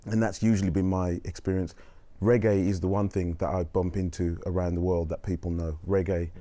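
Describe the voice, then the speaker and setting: Low, mellow-voiced Birmingham man. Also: flat delivery, a little fast, dry recording. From Birmingham, England. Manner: anecdotal, hesitant, acts out quoted voices. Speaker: panel guest. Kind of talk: panel discussion.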